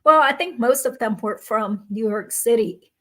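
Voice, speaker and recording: A woman's voice: a little high, normal speed, fairly bright tone. Friendly woman hosting a chat. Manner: friendly, conversational, agreeable. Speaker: host and YouTube lawyer. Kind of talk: casual interview chat.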